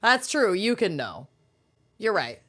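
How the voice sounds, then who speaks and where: A woman's voice: mid-range voice, big pitch swings, slow, a bit bright. Playful woman podcast co-host. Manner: playful, teasing, laughs often. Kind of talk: casual chat.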